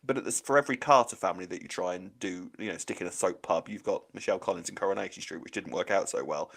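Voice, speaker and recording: Fast-talking British man, chatty podcast co-host. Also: low-pitched, gravelly, a bit bright, husky. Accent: British English. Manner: chatty, enthusiastic, teasing. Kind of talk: casual chat.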